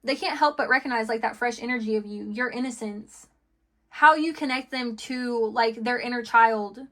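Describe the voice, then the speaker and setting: A woman's voice: a little high, normal speed, fairly bright tone. A woman giving a casual tarot reading, rambling and chatty with lots of fillers and restarts, laughing between thoughts. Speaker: tarot reader.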